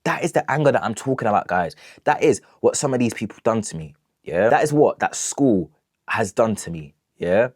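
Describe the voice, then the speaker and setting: Young man, low voice, close and dry. Emphatic storytime rant, keeps checking in with "yeah?". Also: animated, moderate pace, no echo. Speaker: vlogger.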